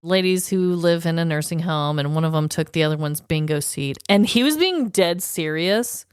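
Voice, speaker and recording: A woman co-hosting a podcast in casual chat, animated and laughing often as she acts out quotes. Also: fairly low pitch, moderate pace, clean tone, no echo, studio quality. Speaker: podcast co-host.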